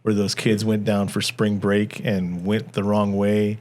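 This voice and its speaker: A man's voice: lowish voice, level tone, unhurried, darkish tone. A man co-hosting a movie review podcast in casual chat, rambling with stumbling restarts and frequent laughs. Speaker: podcast co-host.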